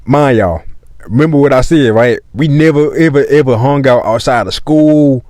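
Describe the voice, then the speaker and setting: A man's voice: medium pitch, normal speed, darkish tone, no room sound. A young man telling a storytime vlog in casual, slang-heavy, profane talk that loops back and repeats itself.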